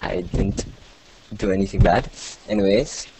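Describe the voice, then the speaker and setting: A man's voice: deep voice, measured pace, very noisy. A male podcast host reading out listener email in casual chat, interrupting himself with asides, often sounding sarcastic without meaning to.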